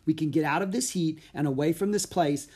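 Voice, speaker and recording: A man voicing a cautious, worried young boy in a storybook reading, urgent and often shouting. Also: fairly high pitch, brisk, husky, pitched above the performer's own voice.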